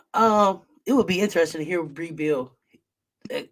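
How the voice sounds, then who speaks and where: A man's voice: a little high, unhurried. A man hosting a casual sports chat, laid-back and quizzing his guests. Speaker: host.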